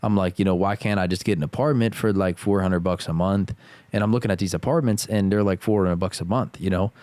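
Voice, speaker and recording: A young man in his twenties sits in as a podcast guest, his voice on the low side. He recounts events in a relaxed, slang-heavy way. The sound is close-miked and dry. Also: fast talker, dry recording. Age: 20s. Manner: laid-back slangy storytelling, says "bro" constantly. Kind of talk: casual podcast chat.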